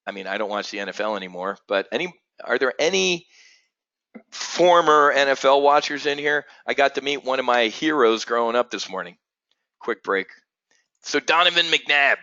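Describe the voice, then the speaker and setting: A male trading webinar host with a forceful, bright voice, blunt and energetic, rambling as he goes. The audio is dull and lo-fi, with a dry, close sound and no room echo. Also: medium pitch. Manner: energetic, blunt, rambling, keeps calling out "folks". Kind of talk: live trading webinar talk.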